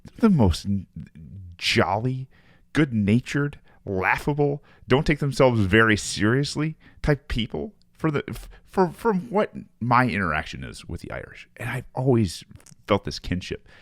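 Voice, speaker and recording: A man co-hosting a podcast in casual political chat, animated and often repeating words as he gets going. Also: mid-range voice, measured pace, no echo, studio quality. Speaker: podcast co-host.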